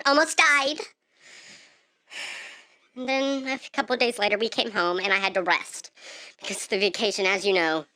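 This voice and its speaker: A woman vlogger telling a dramatic storytime monologue, often jumping into shrill shouted outbursts. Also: no echo.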